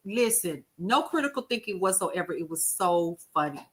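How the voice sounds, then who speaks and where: A woman hosting a casual livestream, talking to viewers in a folksy, expressive way, calling out names from the chat and telling stories with lively quoted asides. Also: fairly low pitch, moderate pace, hardly any pauses. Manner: expressive, folksy, animated storytelling with chat shout-outs. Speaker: livestream host.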